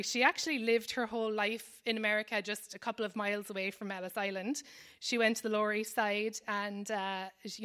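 A woman's voice: mid-range voice, a bit bright. A woman in her thirties with an Irish accent, telling a rambling, self-deprecating stand-up story full of fillers and asides. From Ireland. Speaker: comedian. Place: New York.

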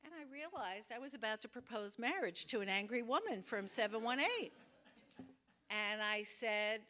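A woman's voice: a little high, expressive, normal speed, pushed and bright. A woman telling a wry, self-deprecating personal story at a live storytelling event, acting out the voices she quotes.

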